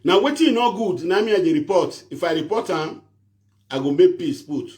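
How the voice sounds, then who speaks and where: Male host, Nigerian Pidgin accent, slightly raised pitch, rambling preachy monologue with a pleading tone. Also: lively intonation, brisk, a little mellow. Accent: Nigerian Pidgin English. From Edo State, Nigeria. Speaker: self-styled prophet and show host. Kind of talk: casual monologue to viewers.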